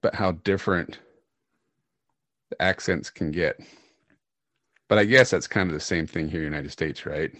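Low-voiced guy rambling on a podcast, kinda loses his words, dry close sound. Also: moderate pace, pauses often, fairly bright tone, dry recording. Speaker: podcast co-host. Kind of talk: casual chat.

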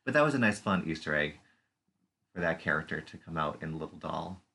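A man's voice: a bass voice, expressive, a little fast, creaky, bright, forceful tone, husky. A man co-hosting a podcast, chatting casually about a TV episode and making playful jokes. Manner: playful, puts on silly voices and puns. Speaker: podcast co-host. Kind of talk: casual chat recapping a TV episode.

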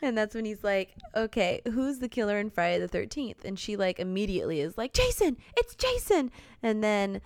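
A young woman from Georgia co-hosting a podcast, chatting casually as she recaps a movie and acts out lines in quick put-on voices. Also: medium pitch, vocal fry, smooth, dry recording, clean studio sound. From Georgia, USA. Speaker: podcast co-host. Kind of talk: casual chat recapping a film.

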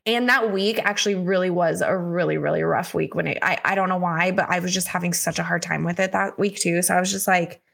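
A woman's voice: fairly low pitch, fairly even intonation, fairly quick, vocal fry, hardly any pauses, fairly bright tone. A woman co-hosting a podcast, telling a personal story in an emotional, casual way, full of "like" and the odd swear word. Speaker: podcast co-host.

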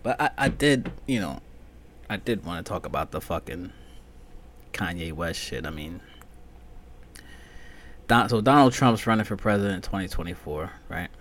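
A man hosting a solo podcast, talking in a rambling, profane way that swings from muttering to loud, high-pitched ranting. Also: animated, moderate pace, pauses often, slight background noise. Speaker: podcast host.

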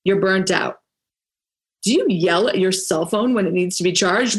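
A woman coach giving a motivational talk, emphatic and punchy, with dramatic pauses and playful asides, leading a breathing exercise. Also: medium pitch. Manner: leads a guided breathing exercise. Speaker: women's coach.

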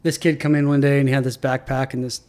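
A man's voice: mid-range voice, fast talker. A middle-aged man, an athletic trainer, telling stories in a casual chat and acting out the people in them. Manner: animated storyteller, acts out quotes loudly. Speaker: head athletic trainer, guest.

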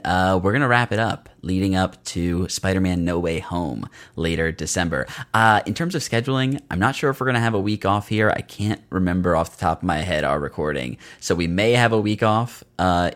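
Deep-voiced laid-back podcast co-host. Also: male voice, a bit bright. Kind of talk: casual podcast chat.

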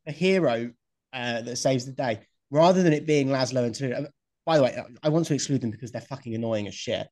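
A man's voice: medium pitch, fast, a little mellow. A man hosting a podcast in casual chat, blunt and swearing freely. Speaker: podcast host.

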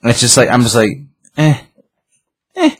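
A man co-hosting a casual chat, animated, acting out his own reactions as he talks. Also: medium pitch, quick pace. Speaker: podcast co-host reviewing a comic.

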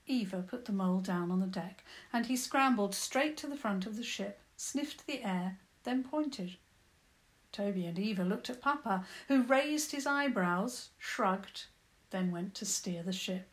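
A woman calmly and gently narrating a children's story. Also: mid-range voice, measured pace.

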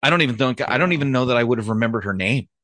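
A man's voice: medium pitch, animated, rapid-fire, bright, forceful tone, no room sound. A man, a former police officer, telling a story from his career in a blunt, profane, casual way. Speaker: retired police officer, podcast host.

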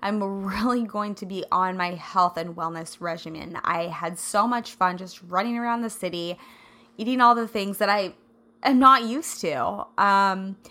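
A woman from the Midwest hosting a casual solo podcast, bubbly and effusive, laughing often, her throat a little scratchy and raspy today. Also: mid-range voice, measured pace, sharp tone. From American Midwest. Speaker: podcast host.

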